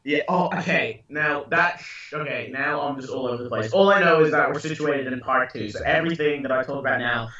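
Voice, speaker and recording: A man's voice: mid-range voice, fairly quick, bright, forceful tone. A young man ranting about a TV episode, exasperated and sweary, in a casual podcast. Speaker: podcast co-host. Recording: echoey, distant, dull-sounding room mic.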